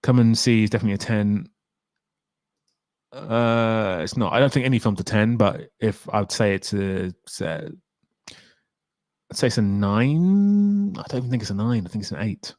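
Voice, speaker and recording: A man's voice: lowish voice, moderate pace, long pauses, darkish tone, dry recording, clean studio sound. A young man hosting a casual livestream, chatty and opinionated as he answers viewer questions. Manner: opinionated, chatty, reads out chat comments. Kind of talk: casual live stream chat.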